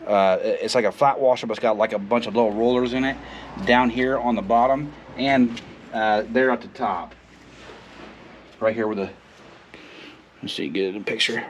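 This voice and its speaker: A man's voice: medium pitch, slight background noise. A man casually explaining a car repair as he works in his garage, folksy and rambling with lots of fillers, moving near and away from the camera mic. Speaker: car mechanic vlogger. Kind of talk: casual how-to narration while working. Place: home garage, working on a car.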